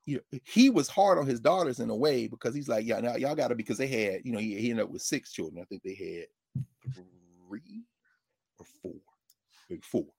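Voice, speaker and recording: Middle-aged male host, mid-pitch, digressive and lively storyteller, dry close sound. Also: moderate pace, gravelly, husky, no room sound. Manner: animated, digressive, self-correcting. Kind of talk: casual storytelling commentary.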